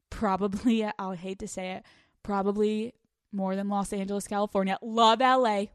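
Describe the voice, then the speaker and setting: A woman hosting a podcast in casual chat, excitable and profane, jumping between loud outbursts and low mutters. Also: normal speed, clean tone, dry recording, studio quality. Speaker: podcast host.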